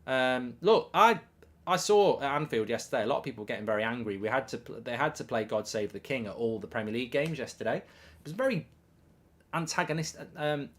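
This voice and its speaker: During a live football watchalong, a middle-aged host chats informally, reads viewer comments out loud, and gets loudly excited in bursts. He has a medium-pitched voice and a brisk delivery.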